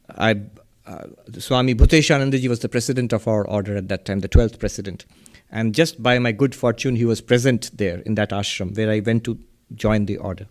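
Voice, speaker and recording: A middle-aged man, a monk and spiritual teacher, giving an unhurried lecture with stories, small laughs and emphatic rises. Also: mid-range voice.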